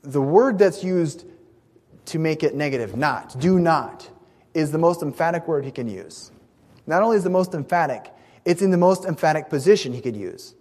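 A pastor with a slightly high, expressive voice and a darkish tone preaches at normal speed. His delivery is earnest and forceful, with stressed key words and the odd restarted phrase. The recording carries a long hall reverb.

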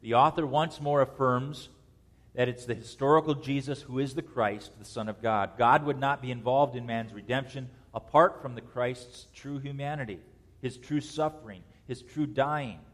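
Man, preacher, expository sermon, mid-pitched voice, dynamic loud and soft delivery, long hall reverb. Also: normal speed. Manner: preaches with dynamic swings in loudness and pace.

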